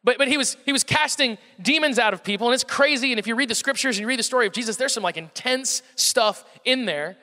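High bright-voiced Southern pastor. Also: male voice, fast, few pauses, long reverb tail. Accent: Southern American. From American South. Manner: conversational, repeats words, asks the congregation questions. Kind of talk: sermon.

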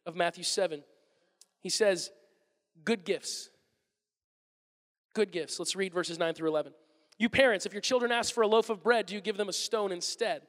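A man in his thirties preaching a conversational sermon as a pastor, animated and acting out little everyday scenes. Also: high-pitched, big-room sound.

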